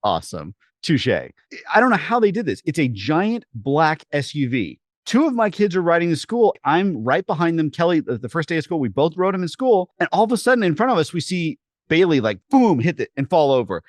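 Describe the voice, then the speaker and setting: A man's voice: on the high side, a little fast, dry recording, clean studio sound. A man co-hosting a fitness podcast, telling stories in a casual chat and acting out the quotes with animation. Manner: animated storyteller, acts out quotes. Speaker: podcast co-host.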